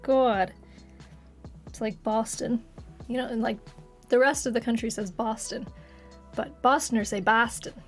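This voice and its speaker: A young woman from Texas, talking casually to her stream chat and breaking into giggles often. Her voice sits a little high. Faint music plays underneath. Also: steady tone, measured pace, long pauses. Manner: chatty, giggly, laughs often.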